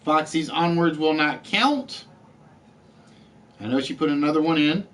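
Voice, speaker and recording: A man's voice: a little high, a little slow, fairly bright tone. A man hosting a live-streamed word game show, chatty, reading out letters and scores and joking with the players.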